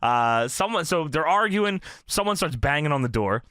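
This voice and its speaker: A man's voice: on the high side, normal speed, no echo, studio quality. A man co-hosting a podcast, recapping an old wrestling show in casual chat and acting out the quotes with lots of laughing. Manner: animated, laughs often, acts out quotes. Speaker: podcast co-host.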